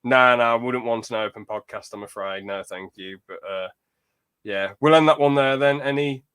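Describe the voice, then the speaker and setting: A man's voice: mid-range voice, moderate pace, clear, resonant tone. Chatty man hosting a podcast. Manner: rambling, animated when telling a story. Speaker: podcast host. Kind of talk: casual chat.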